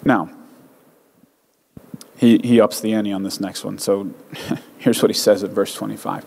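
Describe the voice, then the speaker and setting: A male pastor preaching in a conversational, animated storytelling manner, often restarting his phrases. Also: lowish voice, a little slow, vocal fry, long pauses, husky, long reverb tail. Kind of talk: sermon.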